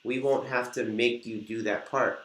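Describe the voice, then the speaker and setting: A man talks straight to camera in an upbeat coaching manner, walking viewers through sample conversations step by step. His voice sits at an ordinary middle pitch. The sound bounces around a roomy, echoing space. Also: fairly even intonation, normal speed, fairly bright tone. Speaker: host and weight-loss coach. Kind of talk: instructional talk to camera. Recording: echoey room.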